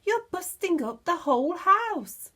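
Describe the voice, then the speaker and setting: A woman voicing an alarmed, excitable young boy in a children's storybook reading, calling out and pleading. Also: very high voice, unhurried, voice pushed up, full character voice.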